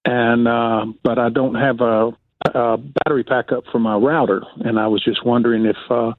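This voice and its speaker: A man's voice: mid-range voice, fairly even intonation, normal speed, dry recording. Hesitant man on a tinny phone line. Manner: hesitant, many fillers. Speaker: caller. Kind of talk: call-in question.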